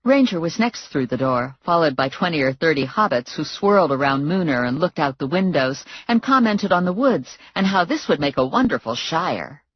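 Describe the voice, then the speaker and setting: A woman narrating a first-person audiobook in a brisk, wry storytelling manner. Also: low-pitched, very animated, breathy edge, no room sound, muffled recording.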